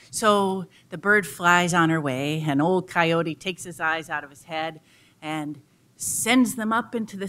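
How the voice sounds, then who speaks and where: A woman giving a public lecture who tells a folk tale in an expressive, dramatic way. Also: on the low side.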